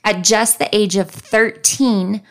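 A woman's voice: medium pitch, steady tone, slow. A woman from the American South hosting a podcast, narrating a true crime case with wry asides. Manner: conversational, reads facts then comments wryly. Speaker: podcast host.

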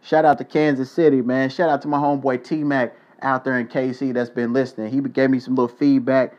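Young male podcast host, loose and profane delivery, medium pitch, muffled home recording. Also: flat delivery, a little fast. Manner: loose, joking, profane shout-outs. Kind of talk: casual solo podcast.

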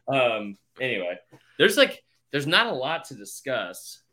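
A man's voice: medium pitch, huge pitch swings, moderate pace, sharp tone. A young man co-hosting a sports podcast, rambling through stories and swearing freely as he chats. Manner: rambling, swears a lot, tells stories with quoted voices. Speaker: podcast co-host. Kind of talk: casual sports podcast chat.

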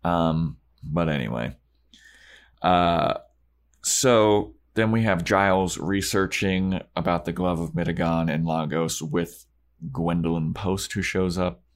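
A man co-hosting a podcast, casually retelling scenes and swearing freely. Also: deep voice. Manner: retells scenes putting on quick character voices, swears casually. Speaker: podcast co-host. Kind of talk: casual recap chat with acted quotes.

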